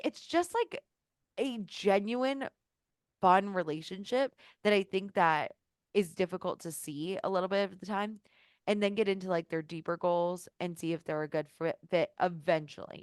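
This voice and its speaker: A woman's voice: fairly low pitch, smooth, no echo, clean studio sound. A young woman coaching a group on a video call, talking casually with lots of fillers and acting out sample messages. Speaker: business coach. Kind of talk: live online coaching call.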